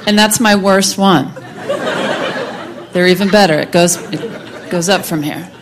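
Slow deadpan woman comic on stage. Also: on the low side. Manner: deadpan, slow and dry with long pauses. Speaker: stand-up comedian. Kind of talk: stand-up comedy set. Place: comedy stage before a laughing crowd. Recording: crowd laughter and room noise.

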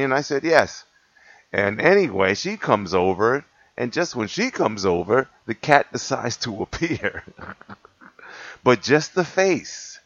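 A man with a lowish voice tells a rambling story to the camera, laughing and correcting himself as he goes. The recording is dull and lo-fi, with a dry sound and no room echo. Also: fairly bright tone. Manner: rambling, self-correcting, laughs between points. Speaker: cat rescuer telling a story.

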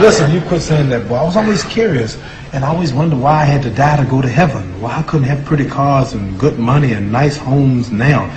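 A man telling humorous, mocking stories to an audience and acting out voices and sounds. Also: medium pitch. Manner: folksy, mocking, acts out quotes and sounds. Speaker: former boxer giving a talk. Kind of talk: humorous storytelling speech. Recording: steady background noise.

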